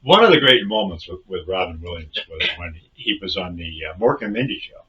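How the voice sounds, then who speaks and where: A man in casual comedic podcast chat, spinning rambling deadpan tall tales. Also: sits low, brisk, muffled recording.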